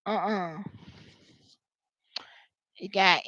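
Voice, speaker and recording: A woman giving a live tarot reading, talking to viewers in an animated, slangy way. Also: medium pitch, unhurried, dry recording, dull audio. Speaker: tarot reader.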